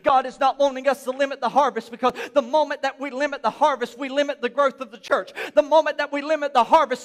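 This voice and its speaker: A man, a pastor preaching a sermon in a church, swinging from quiet talk to shouted emphasis. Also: very high-pitched, quick pace, hardly any pauses, in a large hall. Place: church sanctuary.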